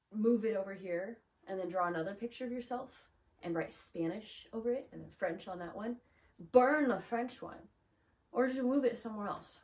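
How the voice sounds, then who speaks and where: A woman's voice: mid-range voice, a little mellow. A woman giving a casual, chatty video lesson as a Spanish teacher, upbeat and full of "like" and "um". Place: small closet room.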